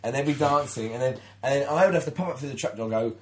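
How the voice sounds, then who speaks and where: A man's voice: mid-range voice, rapid-fire. Man telling a rambling anecdote. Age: 30s. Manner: animated storyteller, many restarts, acts out quotes. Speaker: podcast co-host. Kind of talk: casual chat, anecdote.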